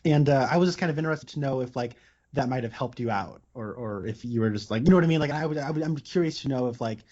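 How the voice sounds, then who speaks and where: Brief: male co-host, mid-pitched, casual, full of fillers, lo-fi dull sound. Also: fast, mellow. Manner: filler-heavy, many "like"s. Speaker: podcast co-host. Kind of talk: casual movie discussion. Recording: lo-fi audio.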